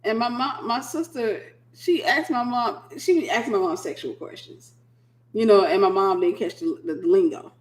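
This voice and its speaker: A woman minister hosting a casual late-night livestream, a sleepy, animated storyteller. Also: mid-range voice, moderate pace, reverberant. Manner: animated storyteller who acts out quoted voices.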